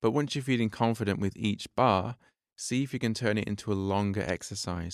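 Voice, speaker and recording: A man's voice: fairly low pitch, a little fast, no echo. A man teaching a drum lesson on his podcast, explaining patiently step by step and counting beats aloud.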